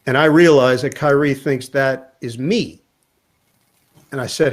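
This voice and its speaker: Pausing often and never rushing, a male sportscaster with a medium pitch tells a long story as a guest in an easygoing interview. He performs the quotes with a lively storyteller's flair.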